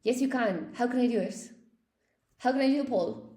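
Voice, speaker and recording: A woman's voice: fairly high pitch, fairly quick, warm tone. An Irish woman teaching English in a casual livestream, chatting and reading out viewer comments. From Ireland. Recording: echoey room.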